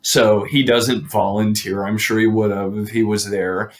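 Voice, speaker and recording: A man's voice: lowish voice, fairly even intonation, a little slow. A man casually retelling an old legend, rambling with fillers and restarts.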